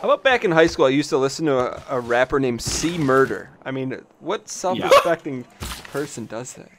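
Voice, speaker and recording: A man's voice: mid-range voice, animated, fairly quick, background noise. A man telling stories in a casual gaming chat with friends.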